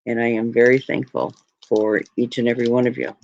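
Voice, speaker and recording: A woman's voice: extremely low pitch, little pitch movement, a little fast, vocal fry, darkish tone. A woman hosting a live stream, chatting to her viewers in a heartfelt, rambling and grateful way, close to tears. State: tearing up. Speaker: jewelry live stream host. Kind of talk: casual live stream chat. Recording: dry, muffled lo-fi audio.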